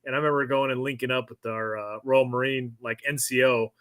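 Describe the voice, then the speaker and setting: A man's voice: mid-range voice, steady tone, fairly quick, a bit bright, clean tone. A middle-aged man hosting a casual interview and telling rambling anecdotes, laughing easily. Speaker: podcast host, former Marine.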